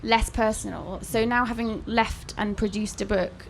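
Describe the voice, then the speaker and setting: A woman's voice: mid-range voice, fairly even intonation, moderate pace, vocal fry, a little hiss or hum. A young woman author chatting candidly at a bookshop event, telling wry stories about her travels. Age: young adult. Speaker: author guest.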